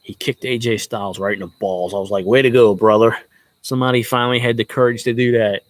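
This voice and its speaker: A man ranting loosely about sports, swearing freely and cracking jokes as he drifts from one thought to the next. His voice sits at an ordinary pitch, and it sounds close and dry with no room echo. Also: steady tone, fast talker. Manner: profane, joking, rambling. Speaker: sports fan vlogger. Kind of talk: casual rambling rant.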